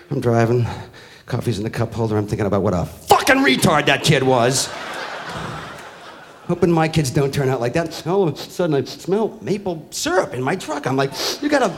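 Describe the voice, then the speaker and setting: A middle-aged man doing a stand-up comedy routine, ranting with profanity and building to shouted outbursts. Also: mid-range voice, very animated, normal speed. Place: live comedy venue with an audience. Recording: live stage recording with faint crowd and noise.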